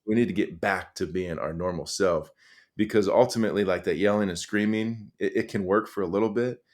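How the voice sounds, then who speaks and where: Earnest man telling stories, lowish voice. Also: fairly quick. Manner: earnest, animated, many fillers and restarts. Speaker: podcast guest, high school coach. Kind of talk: conversational storytelling.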